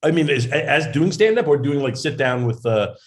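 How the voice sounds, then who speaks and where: A comedian guest telling an animated, self-deprecating anecdote in a casual interview. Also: male voice, mid-range voice, normal speed.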